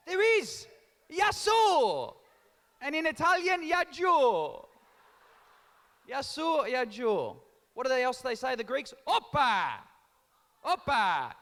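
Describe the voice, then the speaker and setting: A man doing live stand-up crowd work in a large town hall, teasing the audience in an animated way. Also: high-pitched. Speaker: stand-up comedian and MC. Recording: echoey hall reverb.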